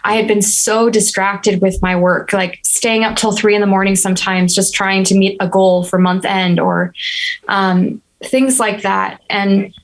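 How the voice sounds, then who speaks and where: A woman in her thirties speaks as a podcast guest, recounting a personal ordeal with earnest, reflective candor. Her pitch sits in a middle register and stays fairly level, with little rise and fall. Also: measured pace, low-quality recording. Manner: earnest, reflective, steady and even-toned. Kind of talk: candid personal storytelling.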